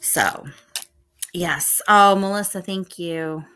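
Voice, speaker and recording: A woman's voice: lowish voice, slow, bright, forceful tone, a little hiss or hum. A middle-aged woman from the Northeast United States hosting a casual live stream, chatty and rambling as she reads the chat, sounding tired. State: tired, yawning. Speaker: livestream host.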